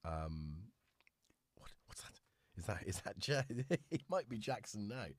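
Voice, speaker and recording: A man hosting a relaxed live stream, chatting casually and talking fondly to his cats. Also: lowish voice, unhurried, no echo. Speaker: livestream host.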